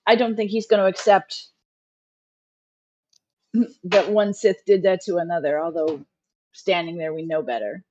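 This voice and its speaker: A woman's voice: lowish voice, fairly even intonation, a little slow, pauses often, a little mellow, no room sound. A woman taking part in a tabletop roleplay, talking in character in a conversational, questioning way, on a muffled, dry mic. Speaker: player.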